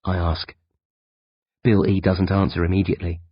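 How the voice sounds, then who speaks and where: Low, husky audiobook narrator, a man. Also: little pitch movement, normal speed, no room sound. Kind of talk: first-person audiobook narration. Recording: dull, dry lo-fi recording.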